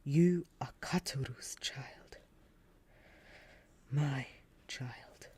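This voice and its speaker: A storyteller voicing a grieving alien clan father who has just found his lost child, speaking softly and with emotion. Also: mid-range voice, lively intonation, measured pace. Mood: tender.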